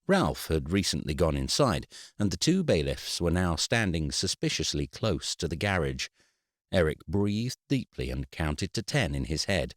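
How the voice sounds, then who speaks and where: Male audiobook reader, very deep, lively wry delivery, dry close sound. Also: moderate pace, no echo. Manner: wry, expressive storytelling. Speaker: audiobook narrator. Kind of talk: scripted narration.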